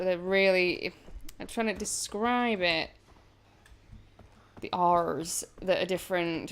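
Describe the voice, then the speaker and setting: A woman from England with a northern English accent, chatting casually with viewers while playing a game, rambling and quick to laugh. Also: on the low side, slight background noise. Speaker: gaming streamer.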